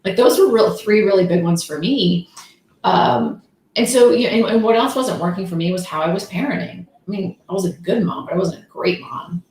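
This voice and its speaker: A woman's voice: mid-range voice, fairly quick, darkish tone. A middle-aged woman coach talking candidly and casually, full of fillers and rhetorical questions. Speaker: coach and host. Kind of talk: casual motivational talk. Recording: echoey room, faint noise.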